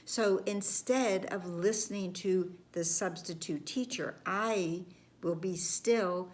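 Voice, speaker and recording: Woman, lowish voice, very slow and gentle lesson delivery, drifts into whispers, faint hiss behind. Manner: slow, gentle, repetitive phrasing with soft whispered words. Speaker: spiritual course teacher. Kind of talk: reflective lesson talk.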